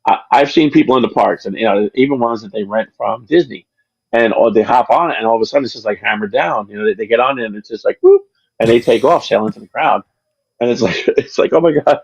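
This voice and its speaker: A man with a gravelly, husky voice talks in a chatty, rambling way, often stopping and starting over as he tells his stories. The sound is dry and a little dull and lo-fi, with no room around it. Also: medium pitch, fast, dry recording. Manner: rambling, chatty storyteller with frequent restarts. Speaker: channel creator, interview guest. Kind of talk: casual chat on a livestream.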